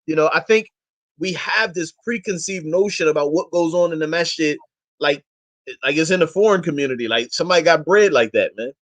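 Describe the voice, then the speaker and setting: A man who talks quickly in a fairly high voice, pushing his points home with impassioned, slangy emphasis. He sounds like an interview guest speaking off the cuff and exhorting the people listening. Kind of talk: casual interview talk.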